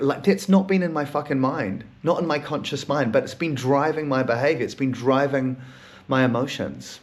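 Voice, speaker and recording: A man's voice: mid-range voice, brisk. A man hosting a solo podcast, talking in a raw, emotional, rambling way and swearing often. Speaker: podcast host.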